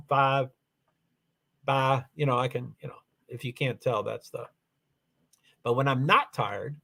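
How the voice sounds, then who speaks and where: A man hosting a casual livestream, rambling through viewer comments and software settings with many restarts. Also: medium pitch, gravelly. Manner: rambling, repeats "allegedly", frequent restarts. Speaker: livestream host.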